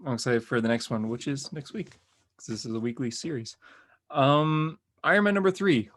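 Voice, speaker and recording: Rambling, excitable male podcast host. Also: medium pitch, moderate pace. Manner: rambling and excited, many "like" fillers. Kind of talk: casual comic book review chat.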